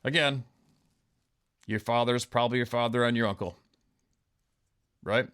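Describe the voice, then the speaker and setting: A man's voice: medium pitch, fairly even intonation, unhurried, a bit bright, clean tone. A man hosting his own show, delivering an angry, profane monologue rant full of sarcasm and scorn. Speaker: host.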